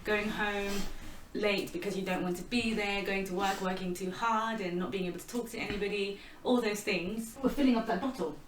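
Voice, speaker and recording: A mid-pitched woman conducting an interview, summing up and asking reflective follow-up questions. Her voice sounds roomy and echoey, with faint noise behind it. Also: fairly even intonation, a little fast, few pauses.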